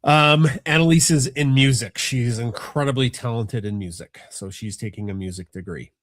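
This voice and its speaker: A man's voice: medium pitch, moderate pace, no room sound, studio quality. A middle-aged man, chatting casually on a family podcast, rambling and restarting often. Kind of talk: casual chat.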